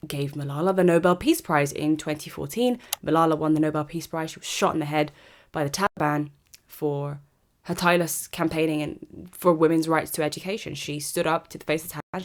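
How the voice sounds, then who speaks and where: A woman, hosting a podcast and delivering an opinionated monologue in a sarcastic, ranting, emphatic way. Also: sits low. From Britain. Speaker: podcast host.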